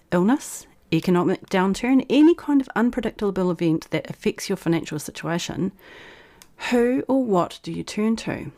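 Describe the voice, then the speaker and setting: A woman's voice: lowish voice, dark tone. A woman vlog host who reads her old blog post aloud in a frank, persuasive way, then reflects on it.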